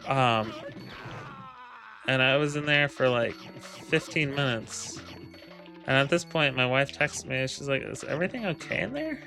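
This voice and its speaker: A man's voice: medium pitch, steady tone, a little slow, pauses often, music in the background. A man casually telling a rambling, profane story, full of ums, laughs and quoted lines. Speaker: gaming video creator. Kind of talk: casual storytelling over gameplay.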